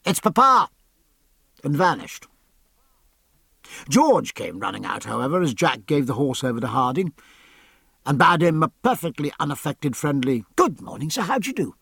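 A man narrating a period novel as an audiobook, measured and even in his storytelling. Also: mid-range voice, creaky, breathy edge, no room sound.

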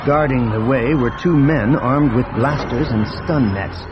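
A man narrating an audiobook in a steady, expressive reading. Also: medium pitch, unhurried, very noisy. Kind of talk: scripted narration.

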